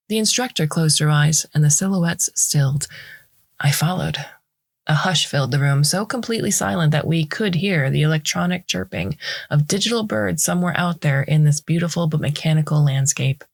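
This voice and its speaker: A woman narrating a first-person story in a measured, wry way. Her voice is low and gravelly, with a husky grain, recorded dry and close with no room sound. She keeps an even storyteller's pace. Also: dry recording. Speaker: story reader. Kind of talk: scripted narration.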